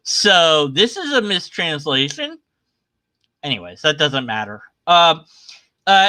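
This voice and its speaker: A man's voice: on the high side, big pitch swings, unhurried, pushed and bright, no echo. A man giving casual, sarcastic commentary as he reads scripture aloud at his computer. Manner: sarcastic, irreverent. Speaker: atheist commentator. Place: at his computer sharing his screen.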